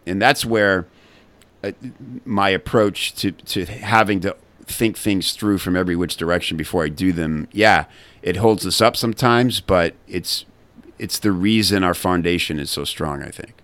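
Low-voiced man telling his story. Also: fairly bright tone, no echo. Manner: candid, halting, many restarts and fillers. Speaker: guest, copywriting community founder. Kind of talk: casual storytelling interview.

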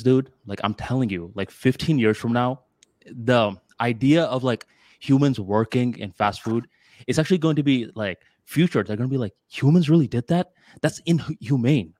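A man co-hosting a podcast, talking in a rambling, casual way, full of "like" and "dude" and quick restarts. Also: no echo, studio quality. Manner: rambling, filler-heavy with lots of "like" and "dude"; animated, jumps to higher pitch when voicing others. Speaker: podcast co-host.

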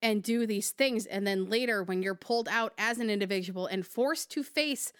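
A woman's voice: mid-range voice, moderate pace, a bit bright, smooth, dry recording, clean studio sound. Emphatic woman co-hosting a podcast. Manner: emphatic, swears freely, passionate. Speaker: podcast co-host. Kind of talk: casual podcast chat.

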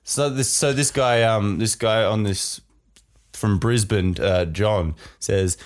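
A man's voice: on the low side, takes it slowly. A man co-hosting a casual podcast, reading listener reviews aloud and laughing often. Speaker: podcast co-host. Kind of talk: casual chat.

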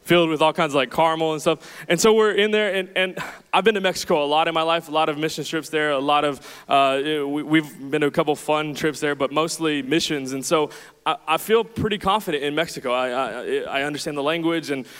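Young male pastor, casual self-mocking storyteller, high clear voice, long hall reverb. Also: fairly quick. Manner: chatty, self-deprecating, animated storytelling. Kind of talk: sermon with storytelling. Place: church hall with audience.

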